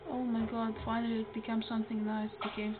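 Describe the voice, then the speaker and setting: A woman narrates her horror game playthrough. She talks back to the game's characters in a chatty, excitable way. Her voice sounds narrow and tinny, as if it came down a phone line, with steady noise hissing underneath. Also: fairly high pitch, fast. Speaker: gamer. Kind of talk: horror game let's-play commentary. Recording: muffled phone-like audio with noise.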